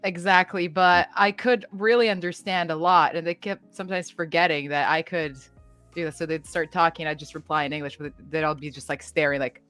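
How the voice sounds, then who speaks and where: A woman chatting casually as a voice actress at a live signing, animated and explanatory, laughing often. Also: lowish voice, a little fast, soft background music. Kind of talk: casual chat.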